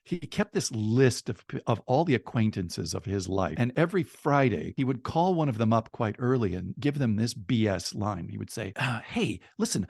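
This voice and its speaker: A man's voice: fairly low pitch, expressive, normal speed, vocal fry, hardly any pauses, a little mellow, no room sound, studio quality. A man telling a personal story in a podcast interview, laughing often and acting out other people's lines.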